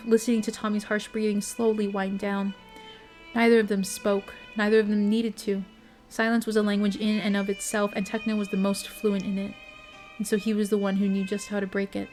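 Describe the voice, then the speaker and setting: A woman reads a bedtime story aloud at a steady, even pace. She is expressive but unhurried and corrects the odd stumble as she goes. Soft guitar music plays faintly underneath. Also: medium pitch. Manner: steady, expressive reading with small slips. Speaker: streamer reading a story.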